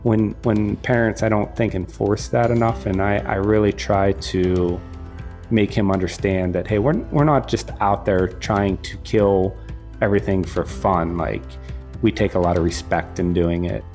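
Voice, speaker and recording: A man with a fairly low voice recounts a hunt with his son in a relaxed storytelling manner. He talks with animation, acts out bits of dialogue, and often restarts his sentences. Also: unhurried, soft background music. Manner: animated, quotes himself and others, frequent restarts. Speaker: hunter and father telling a hunting story. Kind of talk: casual storytelling.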